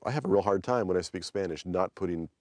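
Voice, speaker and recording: A middle-aged man hosting a language-lesson podcast, explaining in a relaxed, chatty way. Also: deep voice, fast talker, dry recording. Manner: relaxed, chatty, prone to restarts. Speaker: podcast host and language teacher. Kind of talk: explanatory teaching chat.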